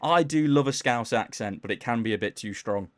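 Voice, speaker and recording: A man casually chatting on a live gaming stream, reading chat aloud in a mellowed-out, low-key way and tripping over words as he plays. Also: a little fast, dry recording. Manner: stumbles over words while playing.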